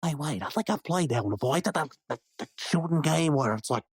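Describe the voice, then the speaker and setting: A man's voice: fairly high pitch, animated, fast talker, husky, no echo, studio quality. Rambling goofy man comedy host. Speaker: podcast co-host. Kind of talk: improvised comedy banter.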